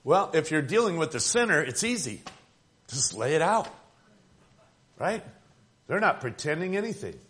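Emphatic male preacher, rather high voice. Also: very animated, moderate pace, pauses often, a bit bright. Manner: emphatic, conversational preaching with rising and falling intensity. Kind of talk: sermon.

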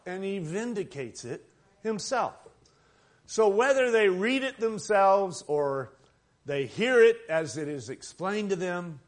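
A man preaching a sermon, with an emphatic delivery that swells and drops as he makes his points. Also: high-pitched. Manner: emphatic, rising and falling preaching cadence.

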